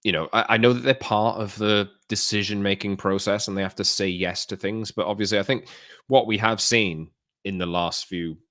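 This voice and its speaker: Male podcast co-host, low voice, calm measured explainer, dry close mic. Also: no room sound. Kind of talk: casual football podcast chat.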